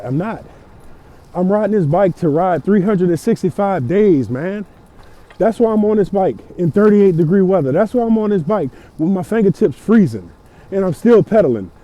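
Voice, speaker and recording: A man's voice: high-pitched, lively intonation, moderate pace, warm tone. A man, ranting preachily and emphatically about fitness while riding a bike outdoors in the cold. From Louisiana. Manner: preachy, emphatic, repeats himself. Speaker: fitness vlogger. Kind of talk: motivational rant.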